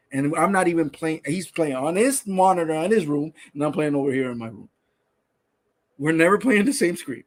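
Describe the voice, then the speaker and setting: A man in his thirties co-hosts a loose gaming podcast, his voice sitting a little higher than most men's. He talks in an animated, incredulous way and swears casually. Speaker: podcast co-host. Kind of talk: casual chat.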